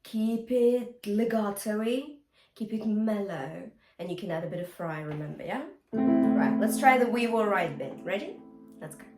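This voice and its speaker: A woman vocal coach talks slowly and encouragingly through a singing lesson, breaking into short sung examples. Her voice sits at an ordinary middle pitch. The room is echoey, with a faint guitar playing underneath. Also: a little mellow. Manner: encouraging, chatty teacher who breaks into song. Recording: roomy sound with faint guitar music.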